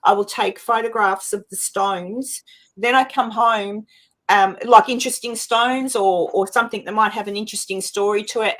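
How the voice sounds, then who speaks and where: Chatty woman co-hosting a live show. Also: mid-range voice. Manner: chatty, warm and earnest, many restarts. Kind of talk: casual group chat on a livestream.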